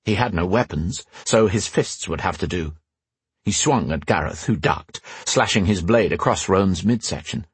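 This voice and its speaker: A man reading a fantasy audiobook, telling the story in a measured, expressive way. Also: low-pitched, husky, no echo. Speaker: narrator. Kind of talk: scripted fantasy audiobook narration.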